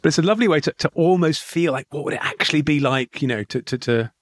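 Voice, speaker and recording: A man co-hosting a comedy podcast, spinning absurd deadpan riffs with many restarts. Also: a little high, fast talker, no room sound, studio quality. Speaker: podcast co-host. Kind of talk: comedic banter.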